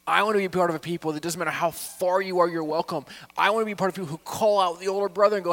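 A man preaching a sermon as a pastor, with impassioned delivery that swings from hushed asides to loud, urgent appeals. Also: sits high, steady tone, rapid-fire, few pauses.

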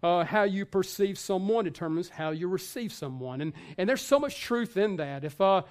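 A man's voice: high-pitched, animated, normal speed, clear, resonant tone. A male pastor giving a sermon in a conversational way, with many fillers and restarts.

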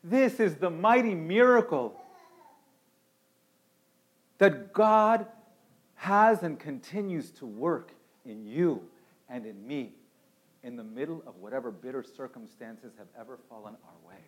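A male pastor delivering a sermon in a fairly high voice. His preaching is dramatic, dropping to hushed lines and then rising to loud, emphatic declarations. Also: expressive, unhurried, long pauses. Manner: dramatic preaching with wide swings in volume.

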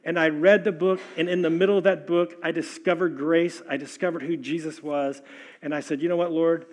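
An older man preaching a sermon as pastor, impassioned, swinging between loud exhortation and hushed, soft lines. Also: on the high side, steady tone, fairly quick.

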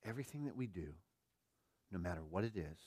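A middle-aged man preaching a sermon as pastor, earnest, firing rhetorical questions and swinging between quiet and emphatic delivery. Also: low voice, lively intonation, quick pace, husky, dry recording.

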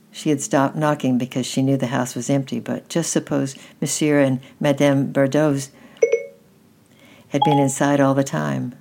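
A woman gently reading a children's story aloud at an unhurried pace. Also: rumbling low, vocal fry.

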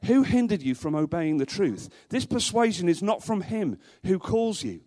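A man's voice: high voice, very animated, moderate pace, warm tone. A male pastor preaching a sermon to a congregation in a church, emphatic, repeating rhetorical questions and dropping in dry humorous asides.

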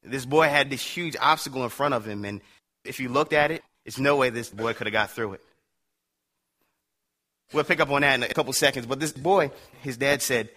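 Brief: animated male preacher, casual storyteller, bright and forceful tone. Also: medium pitch, normal speed. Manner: animated, laughing, slangy storyteller.

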